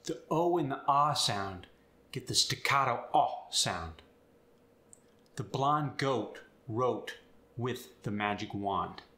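Bright-voiced accent coach. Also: male voice, mid-range voice, lively intonation, takes it slowly, roomy sound. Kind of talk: instructional video.

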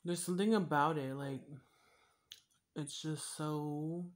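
A woman's voice: sits low, fairly even intonation, takes it slowly. A woman YouTuber chatting casually while eating on camera, rambling and swearing freely with lots of fillers. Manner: rambling and profane, with frequent fillers.

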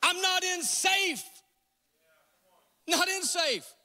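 An insistent divine male voice, high and emphatic, as a man acts it out in the pulpit. It rings bright and sharp, and a long reverb trails every line. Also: very slow, heavily acted. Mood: urging. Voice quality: raised, emphatic preaching delivery. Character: God as a calm, insistent male voice.

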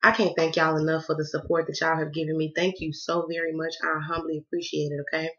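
A woman's voice: low voice, monotone, quick pace, lo-fi sound. A woman with a Southern American accent, a tarot reader chatting to her viewers, sassy and swearing freely with sing-song greetings. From Southern United States. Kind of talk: casual chatty vlog address.

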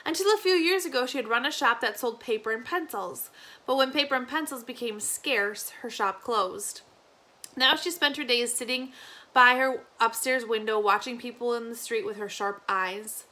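Bright-voiced teacher reading a novel aloud. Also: female voice, on the high side, normal speed. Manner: steady, with small slips and restarts.

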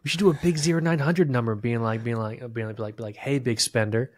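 A man's voice: medium pitch, fast, no room sound, studio quality. Rambling, self-deprecating podcast co-host man. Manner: rambling, self-deprecating, stumbles over words. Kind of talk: casual chat. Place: home, recording quietly at night.

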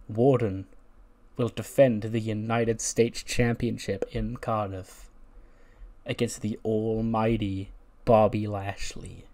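A man's voice: lowish voice, level tone, slow pace, mellow. A man giving casual commentary over a wrestling sim playthrough, chatty and laughing, acting out the characters' lines. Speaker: gaming YouTuber.

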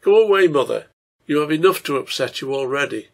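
A man's voice: medium pitch, expressive, normal speed, vocal fry, husky. A man reading as a grieving, guilt-ridden father. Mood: anguished.

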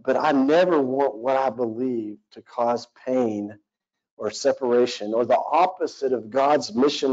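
A man's voice: medium pitch, darkish tone. A man in his forties giving a conversational sermon as pastor, earnest and rambling with many fillers. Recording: dull lo-fi recording.

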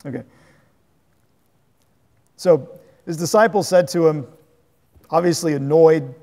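A man preaching a sermon as a pastor, animated and conversational, chuckling at his own asides. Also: a little high, takes it slowly, vocal fry, long pauses, in a large hall. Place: church sanctuary.

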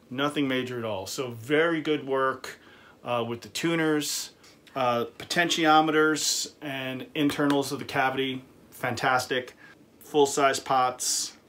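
A man talks through a guitar review in a loose, conversational way. His pitch sits in the middle of the usual range. He fills pauses with small sounds and laughs easily. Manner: relaxed, chatty, frequent fillers and laughs. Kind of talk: casual gear review.

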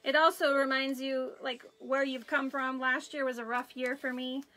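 Bright, chatty woman crafting on a live stream. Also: sits high, normal speed, poor audio. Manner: chatty, animated storytelling, greets viewers while working. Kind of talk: casual chat while crafting.

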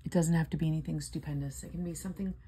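A woman's voice: deep voice, fairly even intonation, rapid-fire, warm tone, husky. An older woman casually chatting and reading out numbers while scratching lottery tickets, playful and sleepy. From Florida. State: sleepy, yawning.

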